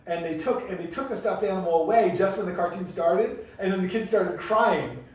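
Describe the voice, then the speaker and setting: Man, casual chat, halting, repeats himself, echoey room. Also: high voice. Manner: halting, repeats words and restarts. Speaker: cartoon creator guest. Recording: echoey room, mic far off.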